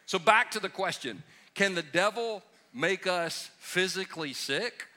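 A male pastor preaches a question-and-answer sermon in a bright, forceful voice pitched a bit high. He talks casually, drops jokes, and leans on emphatic repetition. The sound is of a church room with some distance from the mic. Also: animated, measured pace. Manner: conversational, joking, emphatic preaching. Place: church sanctuary.

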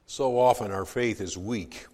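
A pastor preaching a sermon, moving from hushed, low passages to loud, emphatic declarations. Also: male voice, unhurried, in a large hall.

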